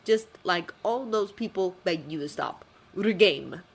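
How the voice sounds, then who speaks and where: A woman's voice: fairly low pitch, expressive, measured pace, gravelly, heavily acted. A woman playing a menacing, mocking vigilante. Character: menacing vigilante cabbie, young man, cold and cruel.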